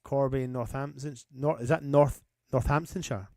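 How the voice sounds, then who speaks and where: An English man with a medium-pitched, slightly mellow voice and some vocal fry talks at a normal speed, recorded dry with studio quality. He's a fan channel host running a live football watchalong, calling the play and reading out viewer comments. His manner is chatty and matey, and he breaks off the commentary to greet viewers.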